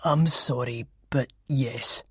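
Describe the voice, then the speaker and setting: Woman voicing a grave, slow-talking older police detective. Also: rumbling low, husky, dry recording, clean studio sound, exaggerated voice. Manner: slow, insistent, ominous.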